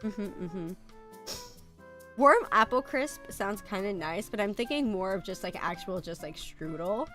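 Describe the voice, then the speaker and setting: A woman's voice: medium pitch, lively intonation, unhurried, pushed and bright, soft background music. A sick woman streamer with a light American country accent, chatting casually and bluntly, laughing often and coughing. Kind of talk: casual live-stream chat.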